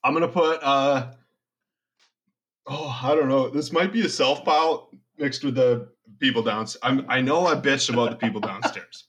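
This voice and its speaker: Young podcast co-host, bright husky voice, swears a lot, rambles. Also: male voice, medium pitch, normal speed. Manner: profane, rambling storytelling. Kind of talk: casual chat.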